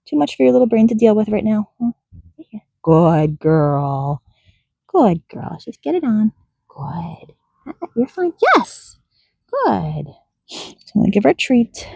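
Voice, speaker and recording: Donkey trainer, female, working outdoors. Gravelly and up close with no room sound. Soothing and coaxing, often whispering. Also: mid-range voice, darkish tone, no room sound. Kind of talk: coaching an animal with asides to camera.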